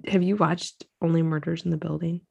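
A woman's voice: deep voice, steady tone, brisk, creaky, darkish tone, husky, dull audio. A woman co-hosting a casual chat podcast, talking enthusiastically and repeating herself. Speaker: podcast co-host.

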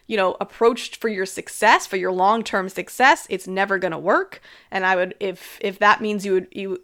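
A woman's voice: mid-range voice, fairly bright tone. A woman in her thirties talking alone as a host in a casual way about health and habits, frank and chatty, filling her speech with "like" and laughing often.

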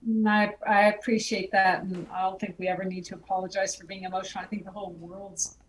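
A woman's voice: mid-range voice, level tone, quick pace. A woman who is a guest filmmaker, speaking in a heartfelt, reflective way in an interview. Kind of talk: conversational interview. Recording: roomy and distant, faint background noise.

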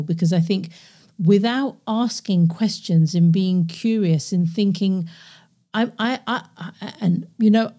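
A woman's voice: lowish voice, warm tone. A woman hosting an interview, speaking in an earnest, reflective way about her own mission. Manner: earnest, reflective, with listening murmurs. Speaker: host. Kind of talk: interview conversation.

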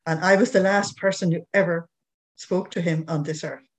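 A woman's voice: lowish voice, steady tone, normal speed. An older woman with an Irish accent telling a personal story as an interview guest, anecdotal, with frequent chuckles. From Ireland.

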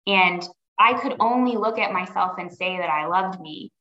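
A woman telling her personal story as a podcast guest, earnest and reflective, often pausing to rephrase. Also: on the low side, pushed and bright. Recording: roomy, dull lo-fi audio.

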